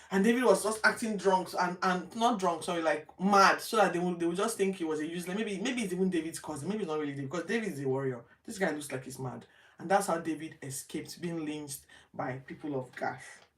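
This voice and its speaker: A woman from Nigeria casually retelling Bible stories from her home study, acting out the characters' lines with lively jumps in her voice. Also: mid-range voice, recorded from a distance. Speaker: host of a Bible reading show. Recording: roomy, from off the mic.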